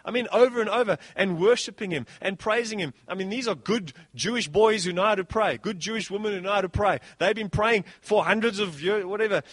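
A man preaching a sermon as pastor, animated, swinging between soft passages and loud bursts. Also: high voice, a little fast, hardly any pauses, no room sound.

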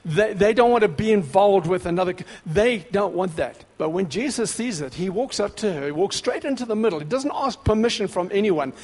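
A man preaching a sermon, dramatic, dropping to a hush and then rising to shouts. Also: sits high, animated, brisk, hardly any pauses. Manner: dramatic, swings between hushed and shouting. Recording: long hall reverb.

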